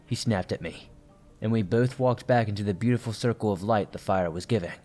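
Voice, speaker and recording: A man narrating a first-person horror story in a steady, tense storytelling manner. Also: lowish voice, brisk, faint music behind.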